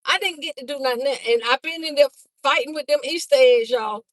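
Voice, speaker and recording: An older woman speaking chats with her livestream viewers while riding in a car. Her voice sits a little high, and her talk is folksy and loose, aimed straight at the people watching. The sound is dry and close, as from a phone. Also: fairly quick, dry recording, low-quality recording. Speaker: livestream host, Easter basket seller. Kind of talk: casual livestream chat with viewers. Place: in a moving car.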